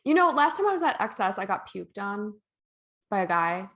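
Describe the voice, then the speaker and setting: A young woman with a mid-pitched voice hosting a casual interview. She is chatty and enthusiastic and swears easily. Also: big pitch swings, moderate pace, fairly bright tone. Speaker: host. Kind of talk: casual chat.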